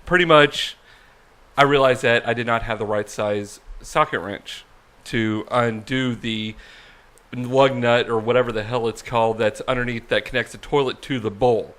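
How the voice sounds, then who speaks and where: Bright-voiced man telling a story. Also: mid-range voice, fairly even intonation, normal speed. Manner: self-mocking, rambling storyteller. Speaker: podcast co-host. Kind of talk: casual chat.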